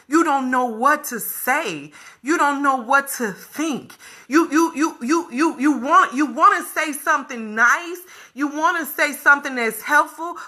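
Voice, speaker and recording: Woman vlogger, high and piercingly bright, emphatic, repeats herself, addresses viewers directly. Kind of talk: candid talk to viewers.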